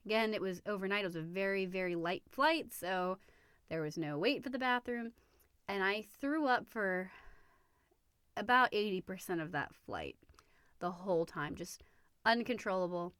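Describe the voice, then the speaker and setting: Casting note: female podcast host, casual storyteller, lively and chatty, dry studio sound. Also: medium pitch, moderate pace, clear, resonant tone, dry recording. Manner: chatty, animated, many fillers and restarts.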